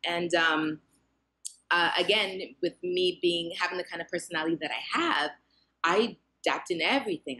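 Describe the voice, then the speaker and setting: Young woman designer in an interview, lowish voice, chatty, lots of ums and restarts. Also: normal speed, breathy edge. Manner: lively, talkative, many restarts and fillers. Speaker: fashion designer, interview guest. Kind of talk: casual interview answers.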